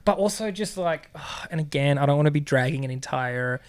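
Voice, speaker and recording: A man's voice: fairly high pitch, lively intonation, clear, resonant tone. Sassy, camp male podcast co-host. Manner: camp, sassy, quick banter. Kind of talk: casual chat.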